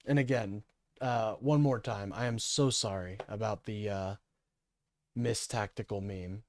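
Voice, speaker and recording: A man's voice: fairly low pitch, fairly even intonation, measured pace, darkish tone. A man hosting a livestream, ranting in an agitated, profane way and apologizing often.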